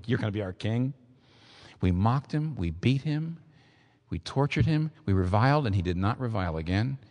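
A male preacher delivering a sermon with a lively, swooping voice that jumps high when he stresses a point. He sounds like he's speaking in a large hall, and his words trail off into a long echo. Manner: animated preaching, pitch rising sharply for emphasis. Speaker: pastor.

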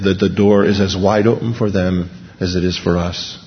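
A man's voice: sits low, steady tone, moderate pace, hardly any pauses. A man preaching an impassioned sermon in a church hall, building to emphatic repeated peaks. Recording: dull lo-fi recording with long hall reverb.

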